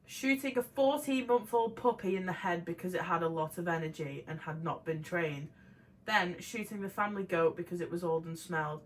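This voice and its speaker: A woman's voice: on the low side, fairly quick, poor audio. A young woman co-hosting a casual chat, blunt and sweary with exasperated reactions. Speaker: co-host.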